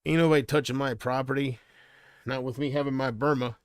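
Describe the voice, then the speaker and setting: A man's voice: medium pitch, fairly even intonation, brisk, smooth, no echo, clean studio sound. Rambling man streaming from home. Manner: rambling and hesitant, trailing off. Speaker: livestreamer. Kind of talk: casual livestream chat.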